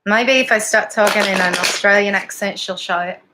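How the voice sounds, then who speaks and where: A woman's voice: mid-range voice, normal speed, noisy background. A woman giving casual live-stream psychic readings, chatty and giggly, often wandering off topic. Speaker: psychic card reader.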